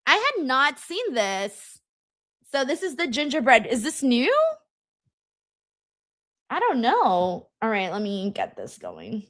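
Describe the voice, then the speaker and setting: Chatty Californian woman, slightly high voice. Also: huge pitch swings, measured pace, fairly bright tone, dry recording, clean studio sound. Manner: chatty, reads viewer comments aloud, frequent "like" and "um". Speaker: host. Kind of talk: casual watchalong chat reading chat messages.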